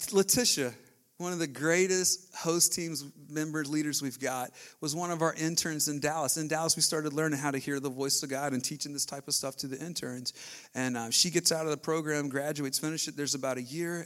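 Animated pastor telling a story. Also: male voice, a little high. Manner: animated storytelling, casual slang. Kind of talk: sermon.

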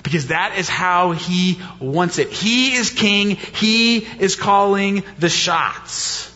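High-voiced preacher in a reverberant hall. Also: male voice, slow pace, pushed and bright. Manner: conversational, with rhetorical questions and emphatic repeats. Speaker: pastor. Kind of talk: sermon. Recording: reverberant hall, dull lo-fi sound.

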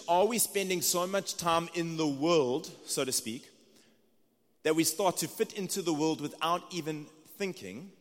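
A man in his thirties with a South African accent, preaching a sermon in a conversational, earnest way. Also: medium pitch. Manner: conversational, earnest, with restarts and asides. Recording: long reverb of a large hall.

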